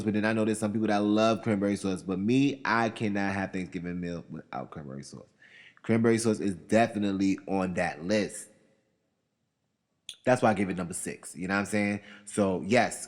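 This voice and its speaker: A man with a fairly low voice hosts a casual, opinionated countdown. He talks in a loose, chatty flow, circles back on his own phrases and asks the audience questions. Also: in a large hall. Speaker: host of a countdown show.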